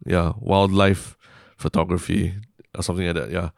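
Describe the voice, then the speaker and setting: A young man with a Singaporean English accent chats loosely on a podcast, his voice sitting very low. He rambles and restarts, dropping "lah" and "like" as he goes. The sound is close and dry. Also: flat delivery, moderate pace, creaky, no echo. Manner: rambling, self-interrupting, frequent "lah" and "like". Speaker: podcast co-host. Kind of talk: casual podcast chat.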